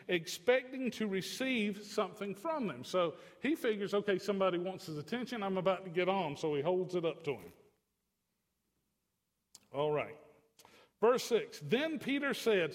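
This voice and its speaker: A male pastor preaching a sermon, telling a story that moves from hushed asides to loud, fervent proclamation. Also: high-pitched. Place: church sanctuary. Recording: long reverb of a church hall.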